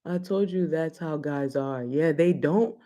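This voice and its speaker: A woman's voice: low-pitched, measured pace, dark tone. Woman host, blunt and playful, chatting straight to her viewers. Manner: blunt, playful, laughs often, speaks to viewers. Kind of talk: casual live-stream talk show.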